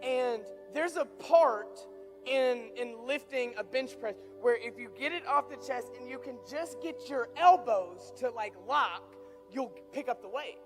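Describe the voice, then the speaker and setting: A young man preaching through an animated personal story, building from quiet asides to excited shouts. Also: very high voice, a little slow, faint music behind. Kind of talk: storytelling sermon.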